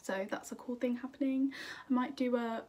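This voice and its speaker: A woman's voice: on the high side, steady tone, normal speed, a little mellow. A young woman chatting to camera in a bubbly, self-deprecating way, answering viewer questions. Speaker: singer and YouTuber. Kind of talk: casual chat to camera.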